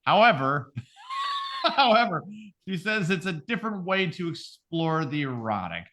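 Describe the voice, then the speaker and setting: Male comedy podcast co-host, bright voice, crude joker, lively delivery. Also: on the high side, normal speed. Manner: joking, crude, laughs a lot. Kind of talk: casual comedy podcast banter.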